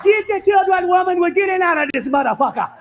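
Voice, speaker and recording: A comedian voicing a defiant enslaved African man who shouts indignantly that he is done being beaten and is walking out. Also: extremely high pitch, lively intonation, quick pace. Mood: defiant shouting.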